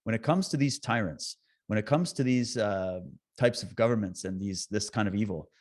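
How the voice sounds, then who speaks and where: A man talking as a podcast guest, telling stories in an animated, swearing, fired-up way with quick impressions. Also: lowish voice. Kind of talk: casual conversation.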